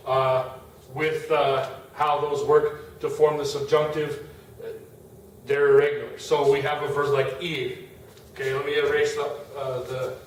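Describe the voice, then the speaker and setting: A middle-aged man teaching Spanish grammar in a classroom, talking casually as he writes on the board. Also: a little high. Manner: casual, talks while writing on a board. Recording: echoey room, far from the mic, faint noise.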